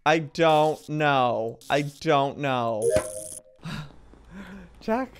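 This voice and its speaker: A man's voice: fairly high pitch, lively intonation, very slow, long pauses, background noise. A man in his thirties, chattering to himself while playing an online game. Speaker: gaming video host. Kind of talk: casual gameplay commentary.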